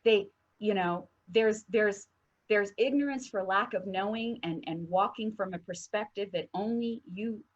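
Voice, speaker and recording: A woman co-hosting a heartfelt discussion show, telling stories in an animated way and acting out quotes. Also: mid-range voice, a little slow, muffled recording. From northern United States. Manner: animated storyteller, acts out quotes. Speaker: co-host.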